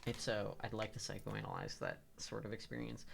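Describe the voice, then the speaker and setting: A man streaming live gameplay, rambling to himself and his chat, swearing and breaking into loud frustrated outbursts. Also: on the low side, huge pitch swings, a little fast, creaky, soft background music. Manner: self-talk with teasing asides.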